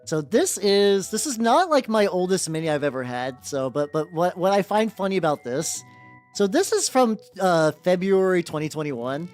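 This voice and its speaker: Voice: medium pitch, lively intonation, moderate pace, darkish tone. A streamer chatting casually with live viewers while painting miniatures, rambling and leaning hard on "like", with lots of restarts. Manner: rambling, heavy use of 'like', frequent restarts. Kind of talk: casual livestream chat with viewers. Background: faint background music.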